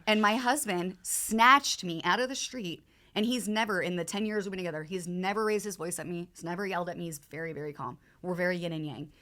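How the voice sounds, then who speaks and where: A woman in her thirties, guesting on a podcast, speaks in a voice on the low side with a sharp tone. She tells an emotional story from her own life haltingly, in bursts, with many fillers and repeated words.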